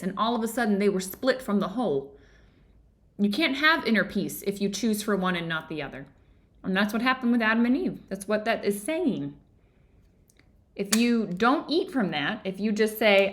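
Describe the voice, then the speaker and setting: A woman hosting an online book club from her home office, talking casually and animatedly and laughing often. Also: mid-range voice.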